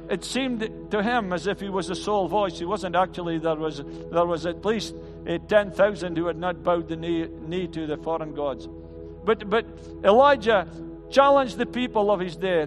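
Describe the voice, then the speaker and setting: A man's voice: sits high, moderate pace, in a large hall. A male pastor preaching an earnest sermon, often stumbling and restarting his words. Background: band music.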